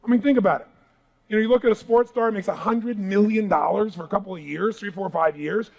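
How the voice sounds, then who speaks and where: On stage in a large seminar hall, a motivational speaker with a high, gravelly voice gives a live, emphatic speech, drawing the audience in with call-and-response questions. His rough, grainy tone is a little mellow and he speaks briskly, though the recording is muffled.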